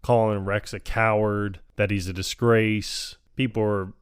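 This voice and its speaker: A man's voice: fairly low pitch, level tone, measured pace, clear, resonant tone, no echo, clean studio sound. A man co-hosting a podcast, casually retelling film scenes, laughing often and acting out lines. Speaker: podcast co-host.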